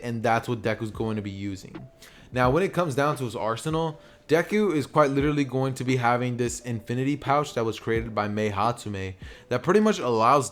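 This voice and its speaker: Young man rambling through a fan story. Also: medium pitch. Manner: rambling, lots of "you know" and "basically". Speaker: YouTuber narrating fan fiction. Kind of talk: casual storytelling.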